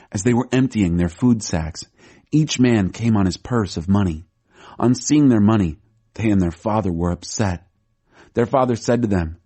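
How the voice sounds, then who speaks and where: A man narrating a Bible audiobook in a steady, measured storytelling voice. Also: lowish voice, slightly rough. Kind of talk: scripted Bible reading.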